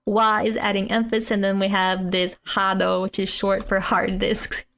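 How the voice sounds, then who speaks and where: A woman's voice: medium pitch, little pitch movement, normal speed, a bit bright. A woman teaching a casual language lesson from a comic, laughing often as she explains.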